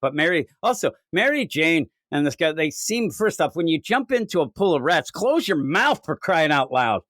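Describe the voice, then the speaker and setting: A man co-hosting a comic book podcast, talking loosely and acting out characters' lines in silly voices. His pitch swings widely as he goes. The sound is dry and close. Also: normal speed, no echo. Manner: animated, swings into goofy quoted voices. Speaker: podcast co-host. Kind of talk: casual comic book review chat.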